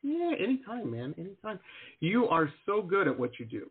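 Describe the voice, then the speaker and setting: Rambling excitable man on a tinny line. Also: high voice, moderate pace. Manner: rambling, excitable, lots of fillers and restarts. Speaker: show host. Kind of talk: casual interview chat.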